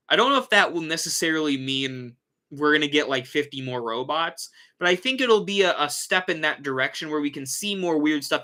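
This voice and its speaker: Casual male livestream host, bright tone, rambling and self-correcting. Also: on the high side.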